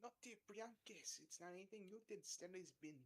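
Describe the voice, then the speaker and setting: A man's voice: high-pitched, fairly quick, voice pushed up. A man voicing a caring, fierce young Latina woman who mixes Spanish words into her English, in a fan story read aloud. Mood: concerned.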